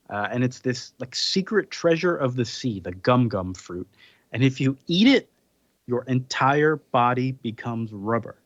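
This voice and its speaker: A man's voice: medium pitch, lively intonation, measured pace, dry recording, highs cut off. A man hosting a podcast, casually recapping a comic's plot with frequent ums and little chuckles. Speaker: podcast host. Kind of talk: casual chat, summarizing a comic.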